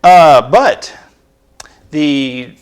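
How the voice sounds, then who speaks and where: A man's voice: on the high side, lively intonation, drawn-out words, clean tone. A man co-hosting a podcast, chatting casually and rambling with lots of fillers. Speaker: podcast co-host and producer. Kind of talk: casual chat.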